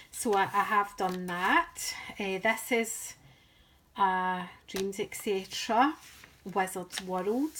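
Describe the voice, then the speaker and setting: With a mid-range voice and a little background noise, a British woman shows off her craft project, talking casually, rambling and running herself down as a craft vlogger.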